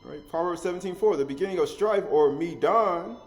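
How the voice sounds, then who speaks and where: A man's voice: sits high, a little fast, faint music behind. A man giving an informal spoken Bible study, chuckling often, repeating words and asking the listener "right?" as he goes. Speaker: scripture teacher.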